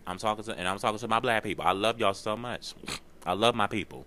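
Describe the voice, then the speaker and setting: A man hosting a podcast, talking in a casual, expressive monologue with slang and free swearing. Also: lowish voice, fast. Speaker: podcast host.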